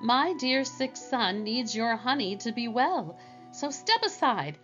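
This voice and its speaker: A woman's voice: fairly high pitch, very animated, slow pace, fairly bright tone, muffled recording, soft background music, voice pushed up, full character voice. A woman voicing a small, determined mother shrew who talks earnestly. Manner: earnest, pleading, turns commanding.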